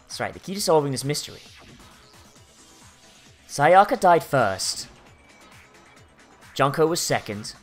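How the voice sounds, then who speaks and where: A let's-play narrator reading the lines of a calm, analytical young female detective in a low, even, measured voice. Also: faint music behind. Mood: explaining.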